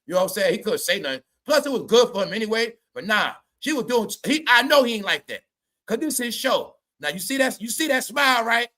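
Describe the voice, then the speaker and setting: A man's voice: very high-pitched, big pitch swings, fast, bright, forceful tone. A man giving casual, comedic commentary as a vlogger, rambling, swearing, laughing and stammering as he talks.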